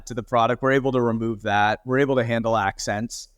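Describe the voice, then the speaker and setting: A man in a casual podcast chat, explaining things patiently in an easygoing voice of middling pitch. He laughs lightly now and then. The sound is dry and close. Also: steady tone, fast, smooth, no room sound. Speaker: company co-founder guest.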